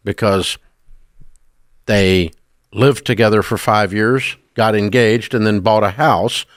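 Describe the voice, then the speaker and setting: A man's voice: on the low side, fairly even intonation, slow, dry recording, studio quality. A man in his sixties with a Southern American accent, hosting a call-in radio show in a blunt, emphatic, scolding way.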